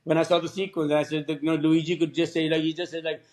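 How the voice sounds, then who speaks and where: High-voiced animated man telling stories. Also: fast. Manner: animated storyteller who acts out quoted dialogue; laughs often while talking. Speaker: film director guest. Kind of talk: podcast interview storytelling.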